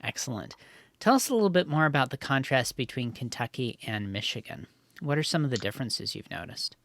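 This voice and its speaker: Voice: mid-range voice, expressive, a little fast, vocal fry, fairly bright tone, no room sound. A podcast host asking short, prompting interview questions.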